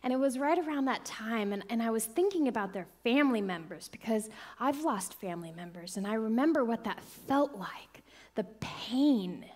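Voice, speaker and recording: A middle-aged woman minister delivers an inspirational sermon in a somewhat high voice. She tells her story with dramatic contrasts, sinking into soft whispers and then surging into bright, excited emphasis. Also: moderate pace. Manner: dramatic swings from hushed whispers to excited, loud bursts.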